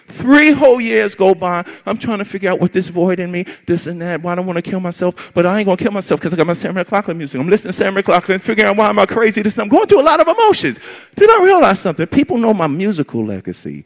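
A man telling a personal story to an audience, animated and emphatic, with lots of repetition. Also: high voice. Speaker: storyteller on stage.

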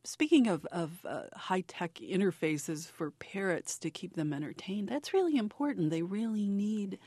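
A woman's voice: mid-range voice, animated, normal speed, dark tone, slightly rough, no room sound, studio quality. A woman interviewer asking a guest conversational questions. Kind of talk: radio interview.

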